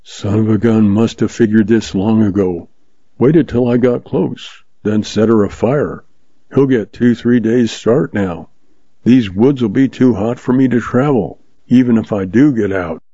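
Man as grim deputy, gloomy muttering, low, dark, dry sound. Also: measured pace, slightly rough, no room sound, dull audio. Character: grim, weary mountain-bred deputy man.

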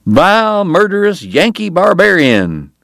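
A male audiobook narrator voicing a cheerful, teasing Irish entertainer with an Irish accent and a bright, sing-song manner. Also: medium pitch, wildly swooping pitch, moderate pace, no echo, clean studio sound, pitched above the performer's own voice. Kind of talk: audiobook character voice.

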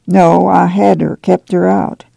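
A weary, guilt-ridden farm uncle , as a male narrator puts him on in a storybook reading. He broods slowly in a drawl, his voice gravelly and dark. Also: sits high, little pitch movement, no room sound, heavily acted. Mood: brooding. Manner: slow and brooding. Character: guilt-ridden, tired, sad older farm man.

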